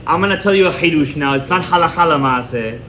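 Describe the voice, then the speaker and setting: A man teaching a Torah class to a live audience in an animated, emphatic way, mixing in many Hebrew terms. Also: on the high side, quick pace, a crowd in the background. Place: indoor room with a live audience. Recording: echoey room with faint ambience.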